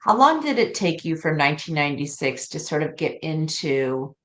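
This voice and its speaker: A woman's voice: deep voice, very animated, normal speed. A woman hosting a podcast interview, affirming her guest and asking open questions. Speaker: podcast host. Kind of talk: interview conversation.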